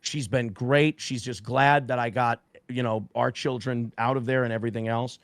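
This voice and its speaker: A man, a guest on a talk stream, telling a story in a casual, profane, animated way and acting out the quotes. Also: mid-range voice, moderate pace, no echo.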